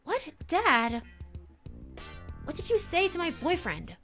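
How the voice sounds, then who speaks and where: Woman doing a young girlfriend, earnest and pleading, lively, game read-along. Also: fairly high pitch, brisk, faint music behind, voice pushed up. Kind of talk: reading game dialogue aloud.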